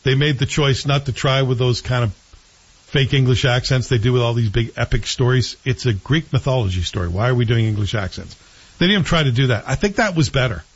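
Guy hosting a chat show, husky voice, rambly and opinionated, kinda muffled audio. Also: medium pitch, brisk. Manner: chatty, opinionated, rambling with self-corrections. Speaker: show host reviewing TV series. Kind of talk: casual chat.

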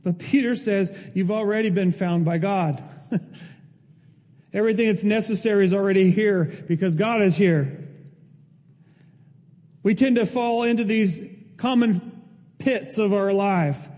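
A man's voice: sits high, measured pace, long pauses, a little mellow, in a large hall. A man, a pastor, delivering an emphatic, emotional sermon. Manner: emotional, emphatic preaching with rising intensity.

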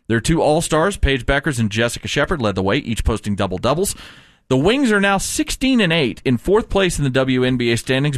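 A man's voice: medium pitch, dry recording, clean studio sound. A man hosting a casual sports news show, reading headlines and laughing with co-hosts. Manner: lively, laughs often, reads news items.

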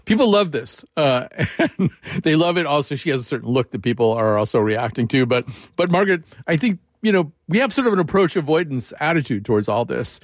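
An older man hosting a radio interview, talking in a conversational, animated way with frequent restarts. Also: on the high side, fairly quick, dry recording. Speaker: radio show host.

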